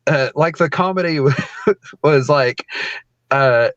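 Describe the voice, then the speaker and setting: A man's voice: on the high side, slow, fairly bright tone, dry recording, highs cut off. A man who is a wrestler, telling a story on a podcast as a guest, with lots of fillers and frequent laughs. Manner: laughs often, rambling with many fillers. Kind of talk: casual storytelling.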